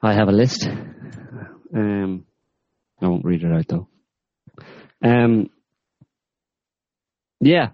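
Male host, very low voice, deadpan sarcasm, dry dull recording. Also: drawn-out words, long pauses, no echo. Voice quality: rambling, deadpan with many fillers. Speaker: podcast host. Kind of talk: sarcastic current-affairs chat.

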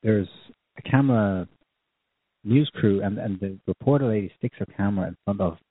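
A man's voice: on the low side, normal speed, breathy edge, dry recording. A man in a political discussion who retells events in an emphatic, storytelling manner. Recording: phone-like dry line.

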